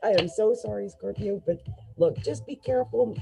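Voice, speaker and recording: A woman gives a casual tarot reading in a chatty, upbeat way, talking straight to the listener and breaking into quick laughs. Her voice sits at a middle pitch for a woman. Clear music plays underneath her. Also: mellow, low-quality recording. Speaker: tarot reader.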